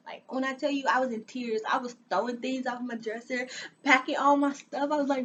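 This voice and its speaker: High-voiced young woman telling a story. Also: fairly quick, dull audio, slight background noise. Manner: animated, dramatic storytelling with sighs and laughs. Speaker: vlogger. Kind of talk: storytime vlog.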